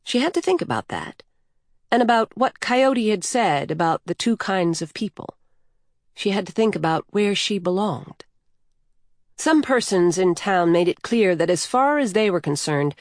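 A woman narrates a novel in a measured, even storytelling manner. She reads slowly in a somewhat low voice, and the recording is close and dry with no room sound. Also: no echo. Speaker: audiobook narrator. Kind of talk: scripted narration.

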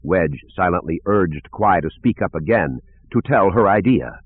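Deep, husky male audiobook narrator. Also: lively intonation, measured pace. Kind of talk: scripted narration. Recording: tinny phone-like lo-fi audio.

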